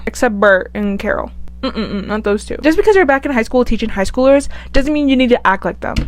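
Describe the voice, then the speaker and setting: A young woman chats casually on her own channel, gushing and rambling with plenty of "like". Her voice sits a little high. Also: expressive, moderate pace, no room sound. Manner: chatty, gushing, lots of "like". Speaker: YouTuber. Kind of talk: casual chat ranking TV characters.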